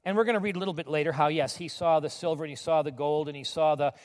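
A male preacher with a high voice delivers a sermon in a conversational, animated storytelling manner. His voice rings through a large hall with a long reverb. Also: rapid-fire. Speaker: pastor.

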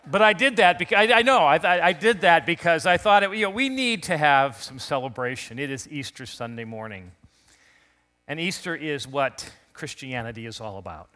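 A male pastor preaches an Easter sermon in a church, easy and conversational, coaxing the congregation into responses. His voice is bright and sits a little high. He is back on his feet after a recent illness. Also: expressive, moderate pace. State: recovering from illness. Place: church sanctuary.

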